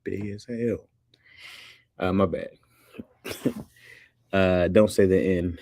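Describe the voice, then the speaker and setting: A man's voice: deep voice, steady tone, slow pace, vocal fry, long pauses, darkish tone, no room sound, clean studio sound. A man hosting a livestream, joking loosely, laughing often and reading chat comments aloud.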